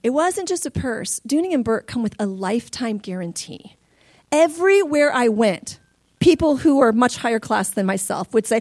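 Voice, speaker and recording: A woman in her forties preaching, telling personal stories in an animated way. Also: high-pitched, a little fast, no room sound, studio quality. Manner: animated storytelling, laughing and crying through stories. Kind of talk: sermon testimony.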